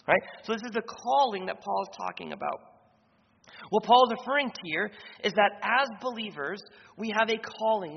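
A man preaching an expository sermon as pastor, restating his points and pausing on fillers. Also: high voice, animated, vocal fry. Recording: dull, slightly noisy reverberant hall.

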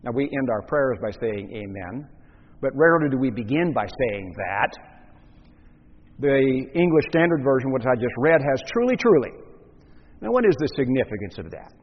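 A man preaching a teaching sermon, measured and explanatory, asking the listeners rhetorical questions. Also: mid-range voice, big pitch swings. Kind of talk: expository sermon. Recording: muffled, echoey hall recording.

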